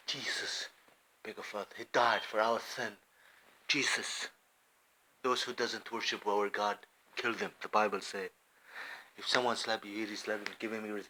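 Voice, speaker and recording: A man giving an impassioned religious monologue, swinging between loud emphatic outbursts and hushed asides. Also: lowish voice, fairly even intonation, moderate pace. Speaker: religious commentator.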